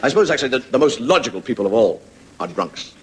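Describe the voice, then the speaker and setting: A man telling stand-up stories with a wry, deadpan delivery as the host of a comedy show. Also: mid-range voice, some chatter behind, slight background noise, poor audio. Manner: wry, deadpan storytelling with quick voices for characters. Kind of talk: stand-up storytelling. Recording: studio audience laughing.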